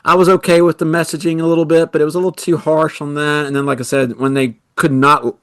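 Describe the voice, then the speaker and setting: Fast and smooth, a fairly high-pitched male co-host talks in a level tone on a dry recording. He chats casually on the podcast, rambling and leaning on lots of "you know" fillers.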